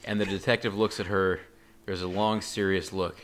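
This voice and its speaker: A man's voice: deep voice, little pitch movement, normal speed, fairly bright tone. A man co-hosting a podcast, wryly recounting a film's plot in casual conversation. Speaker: podcast co-host. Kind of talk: casual movie discussion.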